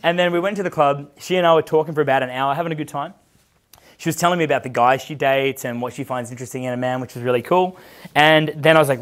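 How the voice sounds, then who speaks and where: A man's voice: a little high, fast, a bit bright. A man in his thirties, a dating coach, giving a casual seminar talk and answering audience questions in a brash, profane, storytelling way. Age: 30s.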